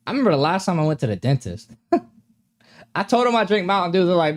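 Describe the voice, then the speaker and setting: A man's voice: a little high, very animated, a little fast. A young man hosting a live stream, chatting casually with viewers in a laid-back, slangy way and laughing often.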